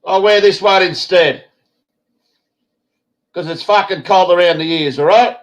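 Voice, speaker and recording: A man's voice: sits high, unhurried. A man hosting a live-stream chat, rambling and swearing casually. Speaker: host.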